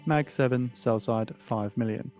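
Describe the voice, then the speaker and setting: A man's voice: mid-range voice, measured pace, darkish tone. Man, market news squawk, clipped headlines and figures, faint music under it. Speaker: financial news reader.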